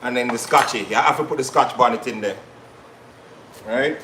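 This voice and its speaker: A man's voice: mid-range voice, brisk, pushed and bright, roomy sound, a little hiss or hum, rough recording. A man hosting a live cooking stream from a kitchen, chatting casually with viewers as he cooks. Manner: chatty, patois-tinged asides to viewers. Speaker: cooking show host.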